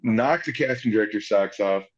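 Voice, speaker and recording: Man telling animated stories, lo-fi sound. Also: on the low side. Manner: acts out quotes in lively voices, fast rambling. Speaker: actor guest. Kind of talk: animated storytelling.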